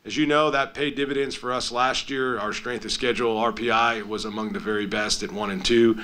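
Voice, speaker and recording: A man's voice: mid-range voice, fairly even intonation, brisk, pushed and bright. A middle-aged man, a head baseball coach, giving upbeat, emphatic media day remarks with frequent ums.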